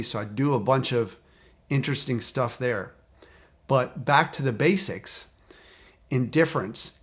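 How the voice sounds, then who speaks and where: Calm-talking male healing coach. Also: medium pitch. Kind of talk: direct-to-camera coaching talk.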